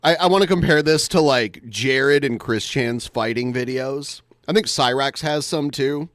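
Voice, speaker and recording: A man's voice: medium pitch, unhurried, fairly bright tone, no room sound, clean studio sound. A man co-hosting a podcast, commenting on clips in a hesitant way with many fillers. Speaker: podcast co-host. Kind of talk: casual commentary.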